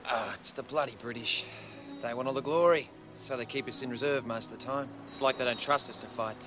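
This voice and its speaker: An actor playing a brash young Australian soldier with an Australian accent, blunt and slangy. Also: male voice, mid-range voice, a little fast, close to an everyday voice. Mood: grumbling. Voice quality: cocky, plain-spoken slang. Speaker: Australian mounted infantry soldier. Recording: music score under the dialogue.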